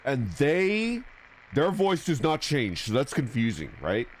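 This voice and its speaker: A man's voice: mid-range voice, wildly swooping pitch, measured pace, slight background noise. A young man streaming a video game, chatting in a rambling, jokey way. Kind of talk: casual gaming commentary.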